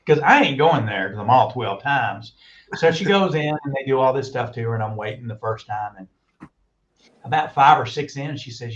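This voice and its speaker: A man telling long, animated stories in casual chat and acting out the quoted voices, recorded with muffled audio. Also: mid-range voice, moderate pace. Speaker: guest on a talk stream. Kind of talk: casual storytelling.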